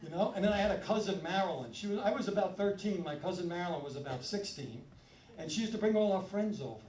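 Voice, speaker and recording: A man from Brooklyn doing a stand-up set, telling stories in a punchy, animated way. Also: high voice, fast. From Brooklyn, New York. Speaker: stand-up comedian. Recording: roomy live sound from a distance. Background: audience laughter.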